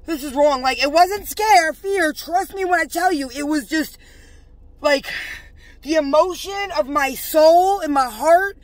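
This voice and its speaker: A woman's voice: very high voice, dry recording. Woman vlogger, emotional storytelling, rambling, fervent, fillers everywhere. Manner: agitated, rambling, full of fillers; fervently religious. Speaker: religious vlogger.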